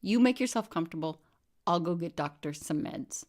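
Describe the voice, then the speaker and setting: An unflappable, wisecracking clinic nurse, as a woman telling her story puts her on. The replies come breezy and quippy, on a slightly low voice. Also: animated, normal speed, darkish tone, lightly acted.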